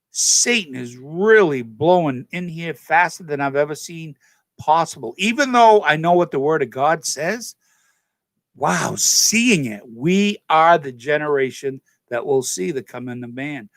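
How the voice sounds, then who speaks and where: A man's voice: on the high side, lively intonation, a little slow, no echo. A man hosting his own channel, talking straight to viewers in a rambling, emphatic monologue that repeats points and corrects itself mid-sentence. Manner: addresses viewers directly as "folks". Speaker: channel host. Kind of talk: casual political and religious monologue to camera.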